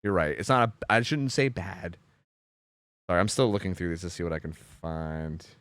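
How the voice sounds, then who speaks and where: A man's voice: sits low, normal speed, a bit bright, clear, resonant tone, dry recording. Rambling young male streamer, dry close mic. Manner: rambling, filler-heavy, swears freely. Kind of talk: casual chat on a game stream.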